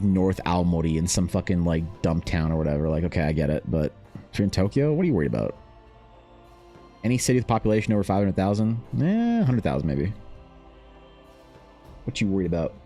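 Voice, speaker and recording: A man with a low voice talks casually while he draws, wandering through loose, profane anecdotes and restarting his sentences often. Faint music plays behind him. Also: darkish tone. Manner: rambling, profane, storytelling, many restarts. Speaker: artist streamer. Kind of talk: casual chat while drawing.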